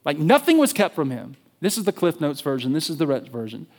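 A male pastor preaching a sermon in an animated, conversational storytelling way. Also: on the high side, brisk.

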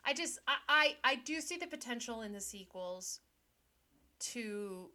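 A woman's voice: on the high side, animated, sharp tone. A young woman co-hosting a podcast in casual chat, playful and joking. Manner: playful, joking, quick to laugh. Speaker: podcast co-host.

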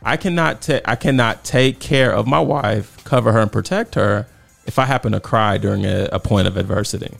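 Gravelly man asking pointed questions. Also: on the low side, brisk, faint music behind. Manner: questioning, earnest, a little defensive. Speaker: podcast co-host. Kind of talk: casual debate chat.

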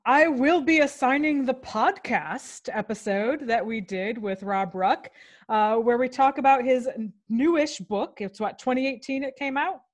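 A woman's voice: high voice, a little slow. Chatty woman podcast co-host. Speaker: podcast co-host, university lecturer. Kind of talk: casual podcast chat.

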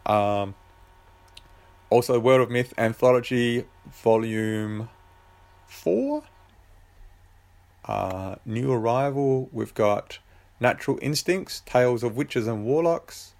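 An author speaks slowly on his own podcast in a medium-pitched voice with vocal fry, pausing often. His casual solo chat is relaxed and rambling, hesitant and packed with ums and uhs.

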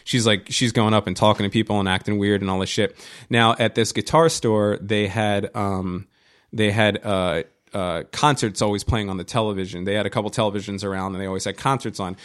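Brief: guy on a podcast, lowish voice, rambling story, swears a lot, keeps restarting. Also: fairly even intonation, a little fast. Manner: rambling, profane, many restarts and fillers. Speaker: podcast co-host. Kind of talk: casual storytelling chat.

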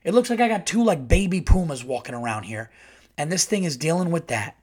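A middle-aged man hosting a podcast, telling a story in a casual, animated, profane and rambling way. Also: a little high, a little fast. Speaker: podcast host.

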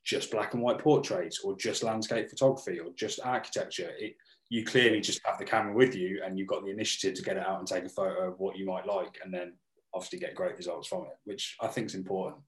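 A man hosting a casual interview, talking in halting starts and restarts while he pays compliments. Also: deep voice, steady tone. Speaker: podcast host. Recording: roomy echo.

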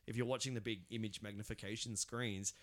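A man co-hosting a casual film chat podcast, animated and laughing often. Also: lowish voice, fairly quick. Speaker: podcast co-host.

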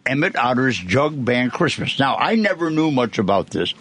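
A man's voice: mid-range voice, big pitch swings, moderate pace, a bit bright. A man in his eighties hosting a radio show in a chatty, rambling way, often stumbling over his words. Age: 80s. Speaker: radio host. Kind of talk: casual radio chat. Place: radio studio.

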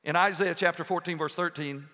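A man with a high, bright voice preaches earnestly in a long echoing hall. He pauses often and restarts his sentences as he presses his point home. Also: fairly even intonation. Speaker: pastor. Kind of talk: sermon.

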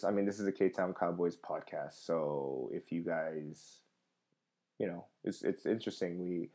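A comedian in his thirties talks loosely to his viewers, stopping and restarting with lots of fillers. His voice sits low and sounds mellow and unhurried. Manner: rambling, many fillers and restarts. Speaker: comedian hosting a livestream podcast. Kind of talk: casual live chat reading viewer comments.

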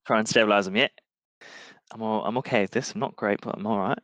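A man playing a tabletop game, rambling in a lively, casual way. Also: lowish voice, fast talker, no echo, highs cut off. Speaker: player.

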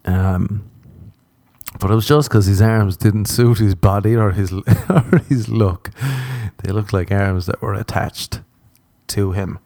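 A man's voice: fairly low pitch, fairly even intonation, slow pace, dark tone, dry recording. A man with an Irish accent, a podcast host, telling a comic story in a casual way. He acts out the dialogue with lots of laughter. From Ireland.

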